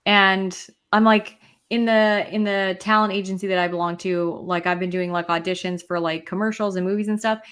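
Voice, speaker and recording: A woman's voice: mid-range voice, moderate pace, clean tone. A woman co-hosting a podcast over a video call, talking casually and animatedly with frequent fillers. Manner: animated, venting, uses filler "like" often. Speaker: podcast co-host. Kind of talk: casual chat.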